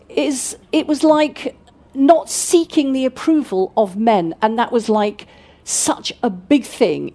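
Woman in her sixties recalling a career. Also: mid-range voice. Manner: animated storytelling with fillers. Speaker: guest speaker, politician. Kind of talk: festival talk answering questions.

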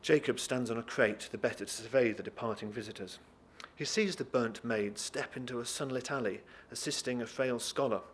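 Male reader, lively expressive narration of a novel, faint background noise. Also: medium pitch, a little fast, hardly any pauses. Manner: lively expressive reading, talks briefly to listeners. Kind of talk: reading a novel aloud.

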